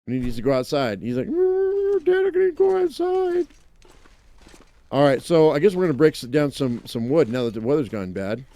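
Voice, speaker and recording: A man's voice: medium pitch, lively intonation, quick pace, few pauses, dark tone. A man casually commenting on his own survival gameplay, chatting to himself and his viewers with jokey exclamations. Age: adult, owns a dog. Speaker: let's play gamer.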